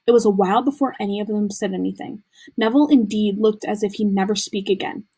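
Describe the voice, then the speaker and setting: A woman teacher reading a novel aloud with lively, expressive storytelling, recorded at home for a remote class. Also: mid-range voice, fast talker, husky.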